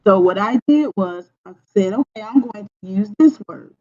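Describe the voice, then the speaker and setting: A woman teacher giving a recorded online lesson. She has a projecting voice and speaks deliberately, checking in with "okay?" after each point. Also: medium pitch, animated, dark tone, dull audio. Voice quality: voice projects strongly.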